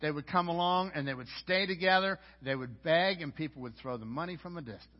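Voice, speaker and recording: A man's voice: on the high side, fast. A man preaching a sermon as pastor, in a conversational way with frequent stammered restarts. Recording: dull lo-fi audio.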